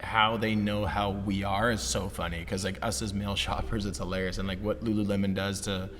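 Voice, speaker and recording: A man's voice: lowish voice, little pitch movement, fairly quick, a bit bright. A male podcast co-host chatting casually about business, loose and motivational, with lots of "like" and "you know". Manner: loose, filler-heavy, motivational. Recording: long reverb, faint ambient noise.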